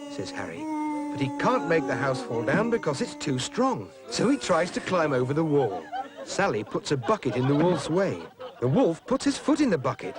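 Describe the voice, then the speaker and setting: Man, children's story narrator, animated, slightly high voice, audience laughter behind. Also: normal speed, crowd noise.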